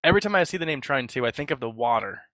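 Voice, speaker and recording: A man co-hosting a casual gaming podcast, upbeat and telling quick stories. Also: mid-range voice, animated, fairly bright tone, dry recording. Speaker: podcast co-host.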